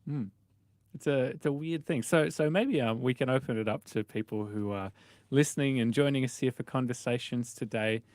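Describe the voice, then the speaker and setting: A young man hosts a radio chat from the studio. His voice sits at a middle pitch and sounds close and dry on the mic. He talks casually, repeats words and laughs easily. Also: normal speed, darkish tone, no echo. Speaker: radio host. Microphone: studio microphone.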